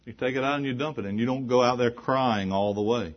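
A man's voice: medium pitch, quick pace, few pauses. A male preacher delivering an emphatic sermon, repeating phrases and posing rhetorical questions. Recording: dull lo-fi recording.

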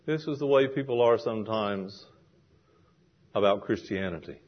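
Delivering a sermon with plenty of energy, a male pastor performs the quoted voices himself. He speaks at a moderate pace in a lowish voice, and the lo-fi recording sounds dull.

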